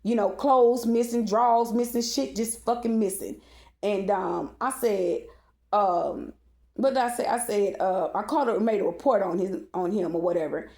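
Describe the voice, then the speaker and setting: A woman's voice: mid-range voice, normal speed, vocal fry, a little mellow. A woman telling a personal story in a casual storytime monologue, blunt and profane, often checking in with "okay?". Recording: echoey room.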